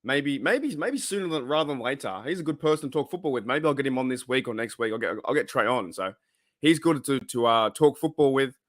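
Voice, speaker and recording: A man's voice: mid-range voice, animated, brisk, dry recording, studio quality. A man with an Australian accent hosting a casual live stream, rambling with lots of fillers as he greets viewers in the chat. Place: his room at home.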